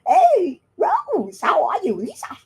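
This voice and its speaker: A woman's voice: extremely high pitch, huge pitch swings, slow, a little hiss or hum, pitched above the performer's own voice, exaggerated voice. A woman voicing a friendly little male house cat who greets people in a sweet, sing-song way.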